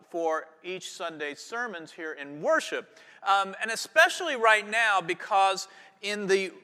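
A pastor giving a conversational sermon in church, with casual fillers and restarts. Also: male voice, high voice, sharp tone. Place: church sanctuary. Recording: long church hall reverb.

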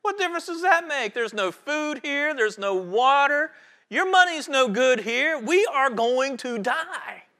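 A man voicing a shipwrecked castaway who is frantically yelling that they will die. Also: extremely high pitch, expressive, a little slow, voice pushed up, exaggerated voice. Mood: panicked. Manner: frantic screaming.

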